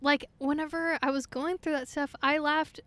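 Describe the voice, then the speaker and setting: A young woman from Oklahoma, chatting casually as a podcast guest. She has a high voice and rambles through her stories with plenty of "like" and "I don't know". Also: steady tone, moderate pace, a bit bright, no room sound. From Oklahoma, USA. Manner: chatty, laughs often, many fillers. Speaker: singer-songwriter guest.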